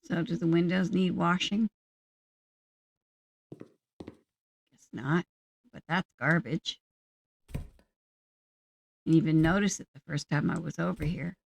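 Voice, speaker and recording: A woman giving casual gameplay commentary, musing aloud to herself at an unhurried pace. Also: fairly low pitch, steady tone, vocal fry, a little hiss or hum. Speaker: gaming channel host.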